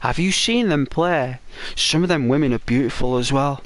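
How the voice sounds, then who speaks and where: A man's voice: mid-range voice, normal speed. Chatty man streaming, answering his chat. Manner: chatty, rambling, laughs often, answers chat messages. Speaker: game streamer. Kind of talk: casual live-stream chat with viewers.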